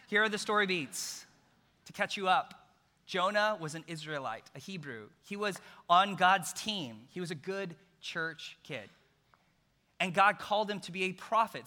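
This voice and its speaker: A man preaching a sermon in a forceful, tense voice that sits a little high. He tells the story in an animated way and drops jokes along the way. A long hall reverb trails each phrase.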